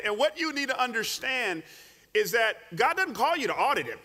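A man preaching a sermon, telling a story with animated delivery and frequent restarts. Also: very high voice, moderate pace. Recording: long hall reverb.

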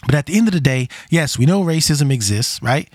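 A man's voice: fairly high pitch, lively intonation, a little fast, dry recording, studio quality. A man hosting a podcast, talking bluntly and casually in a rambling opinion monologue, often repeating himself. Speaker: podcast host.

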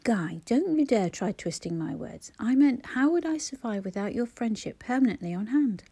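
A wry young mother, voiced by a woman reading a novel aloud. She protests gently and answers her friends with dry humour. Her tone is mellow and soft. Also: on the high side, expressive, normal speed, creaky, husky, heavily acted. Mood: protesting.

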